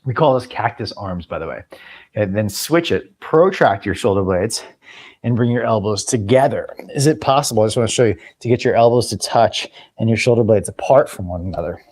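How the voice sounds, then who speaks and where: A man teaching a yoga class, cueing breaths and movements in a relaxed way, now and then clearing his throat. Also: lowish voice, fairly quick. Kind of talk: guided yoga class instruction.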